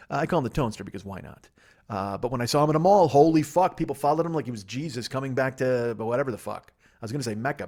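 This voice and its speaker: Fast-talking, profane male comedian. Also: medium pitch, gravelly, slightly rough. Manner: profane, rambling, sardonic. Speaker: comedian podcast host. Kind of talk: rambling comedic podcast monologue. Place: guest room in a friend's house.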